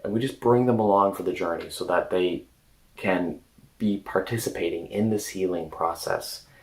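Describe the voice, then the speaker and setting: Gentle man coaching in a very deep voice. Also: moderate pace, rough recording. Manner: gentle, hesitant, with many fillers and restarts. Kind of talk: casual self-help talk.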